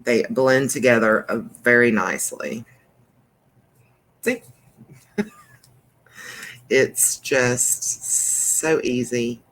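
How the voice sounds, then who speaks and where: Brief: female craft demo host, relaxed slow pace, chatty and full of fillers. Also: very deep voice. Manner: chatty, rambling, with many fillers and restarts. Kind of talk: casual crafting demonstration.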